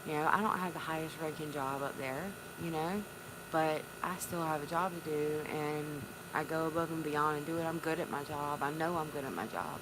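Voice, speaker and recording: A woman from North Carolina, chatting tearfully on a live stream, halting and repeating her words. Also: low-pitched, steady tone. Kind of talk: emotional live-stream chat. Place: on a porch. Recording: noisy background.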